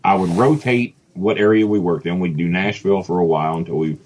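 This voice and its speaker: A man telling a long comic story about himself in a casual, animated way. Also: deep voice, fairly quick. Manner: animated, mimics voices, laughs often. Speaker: podcast guest telling a story.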